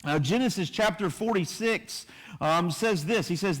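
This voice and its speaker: A man's voice: sits high, a little slow, a bit bright. Conversational man teaching the Bible. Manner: conversational, repeats words and asks "right?" often. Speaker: pastor. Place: church.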